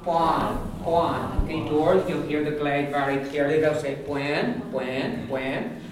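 A male language teacher, patiently demonstrating pronunciation by repeating sounds slowly in a classroom. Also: a little high, flat delivery, very echoey, recorded from a distance, very noisy. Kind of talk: pronunciation lesson with repeat-after-me drills.

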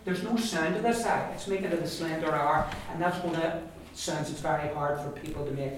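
A man's voice: on the high side, recorded from a distance, a little hiss or hum. Irish man teaching in echoey classroom. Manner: repeats words slowly for the class to echo. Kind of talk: classroom pronunciation lesson.

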